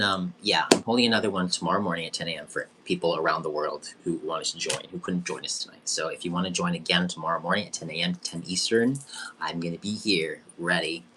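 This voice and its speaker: A young man with a fairly low voice leads a live-streamed psychic circle. He talks in an effusive, emotional way and breaks into giggles easily. There is a faint hum behind him. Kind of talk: live-stream group session.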